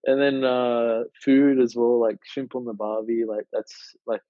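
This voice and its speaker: A man's voice: mid-range voice, steady tone, measured pace, mellow, no room sound. A young Australian man in his twenties chatting casually as a podcast guest, rambling with lots of fillers and restarts. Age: 20s. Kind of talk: casual chat. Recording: dull lo-fi dry sound.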